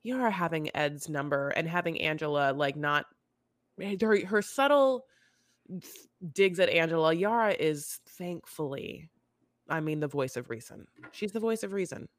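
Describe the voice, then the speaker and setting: A woman co-hosting a podcast in casual chat, rambling through an animated retelling full of fillers. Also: sits low, moderate pace, no room sound, clean studio sound. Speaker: podcast co-host. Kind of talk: casual chat recapping a reality show.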